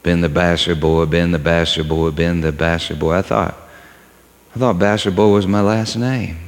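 A man voicing a humble, wounded old mountain man who talks in a halting, folksy way. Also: deep voice, steady tone, pitched below the performer's own voice. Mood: hurt. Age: older. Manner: halting, folksy, repeats himself. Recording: long hall reverb.

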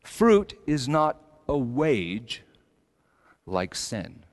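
A middle-aged male pastor preaching a sermon, swinging between loud emphatic lines and soft, low asides. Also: sing-song, very slow.

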